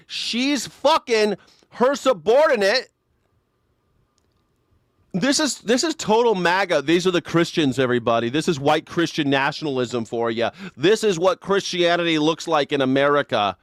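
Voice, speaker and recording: A man's voice: on the high side, expressive, normal speed, no room sound, clean studio sound. A man hosting a live news reaction show, talking in a crude, sarcastic and mocking way. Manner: sarcastic, crude and mocking, slips into exaggerated mimicking voices.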